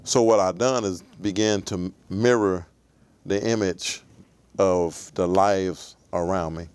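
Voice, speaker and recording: A man in his forties, a guest in an interview, telling his life story in a measured, reflective way. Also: low voice, steady tone, darkish tone, clear, resonant tone, no echo.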